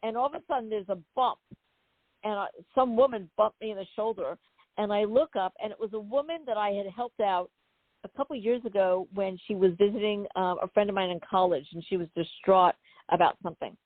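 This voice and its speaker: A woman guest on an interview show, telling a personal story in a chatty, animated way with many asides. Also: mid-range voice, fairly quick, no room sound. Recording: phone-like dry call audio.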